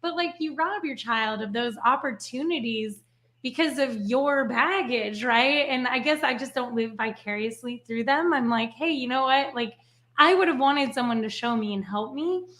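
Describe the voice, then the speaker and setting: A woman's voice: a little high, moderate pace. A woman from Switzerland whose first language is French, telling stories in a casual interview, often adding "right?" and "like". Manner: animated storyteller, frequent "right?" and "like". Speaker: podcast guest.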